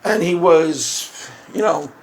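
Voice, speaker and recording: A man's voice: fairly high pitch, slow pace, creaky. A man hosting his own commentary video, talking in a loose, rambling monologue that repeats itself and laughs at his own jokes.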